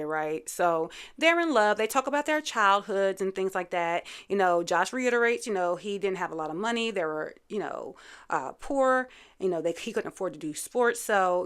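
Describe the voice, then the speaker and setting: A woman's voice: mid-range voice, fairly bright tone, clear, resonant tone. A woman hosting a casual reality TV recap, chatty and opinionated, full of fillers and asides. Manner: chatty, opinionated, lots of "you know" fillers.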